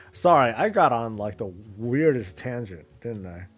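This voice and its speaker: A man's voice: medium pitch, sing-song, normal speed, hardly any pauses, faint music behind. A man streaming a casual chat about games, rambling with many fillers and restarts.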